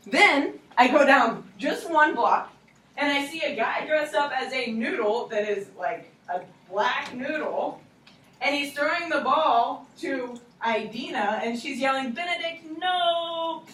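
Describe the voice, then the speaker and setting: A young woman teacher with a high-sitting voice tells a playful, animated story to a class of children at an unhurried pace. A distant recorder captures her from far off in an echoey classroom.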